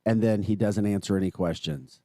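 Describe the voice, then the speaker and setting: A man's voice: on the low side, brisk, no room sound, clean studio sound. A man with an American accent hosting a morning talk radio show, ranting in an emphatic, exasperated way. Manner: exasperated, emphatic, animated rants.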